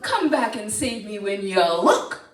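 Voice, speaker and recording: A woman's voice: mid-range voice, sing-song, a little slow, pitched below the performer's own voice. Woman doing a rude vain prince, snooty, storybook, distant mic. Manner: snooty, dismissive. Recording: roomy hall, distant mic.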